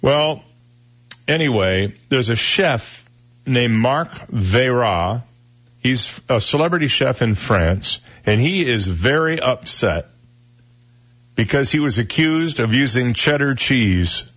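A man's voice: mid-range voice, expressive, fairly bright tone. Guy on talk radio riffing on weird news, dry jokey delivery, stretches words out for effect. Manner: wry, joking, drawn-out delivery. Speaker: radio show host. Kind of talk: casual radio chat about odd news. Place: radio studio.

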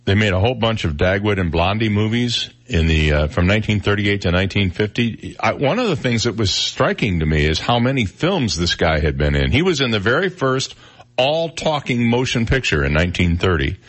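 A man's voice: lowish voice, big pitch swings, fairly quick. A man hosting a radio talk show, chatting and joking as he reads out news stories.

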